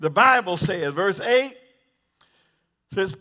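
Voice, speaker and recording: A man preaching a sermon. He repeats words and builds up to shouting. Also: high voice, expressive, measured pace. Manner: builds to shouting, acts out the figures in the story.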